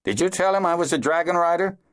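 A man voicing a patient, direct male dragonrider teacher who asks a child questions in a gently probing way. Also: a little high, quick pace, no echo, studio quality, voice pushed up, lightly acted. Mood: urgent.

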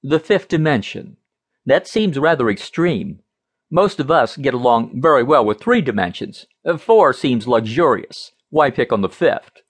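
Man playing a skeptical young man, dry and sardonic, lively intonation, storybook voice. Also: medium pitch, moderate pace.

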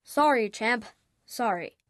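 A narrator voicing a giddy, bouncing father, a newspaper reporter who teases his son in a playful, hushed way. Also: very high-pitched, lively intonation, takes it slowly, no echo, clean studio sound, pitched below the performer's own voice, exaggerated voice.

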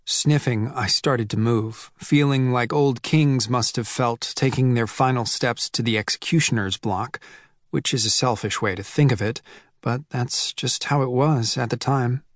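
A man reading a first-person novel as an audiobook narrator, measured and reflective, lifting his voice for quoted lines. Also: medium pitch, no room sound, studio quality. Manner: measured, reflective storytelling with raised voice for quoted dialogue. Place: dry recording booth. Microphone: close studio mic.

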